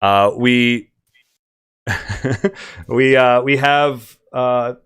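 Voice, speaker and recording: Bright-voiced man brainstorming a game world. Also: mid-range voice, extremely slow, smooth. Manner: laughs often, trails off and restarts. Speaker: game master. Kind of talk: casual chat while building a tabletop game world.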